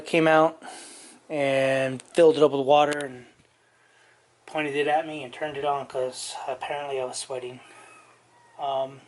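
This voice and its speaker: A middle-aged man giving a rambling, casual walkthrough of his truck restoration inside the cab, his throat dry so he keeps clearing it, with many fillers and restarts. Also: fairly high pitch, a little hiss or hum. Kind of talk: casual work-in-progress walkthrough.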